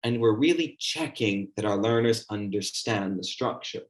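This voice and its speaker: A fairly low, expressive male voice at a moderate pace belongs to a teacher trainer leading an online workshop. Filler-heavy and conversational, he shows how he talks to a class.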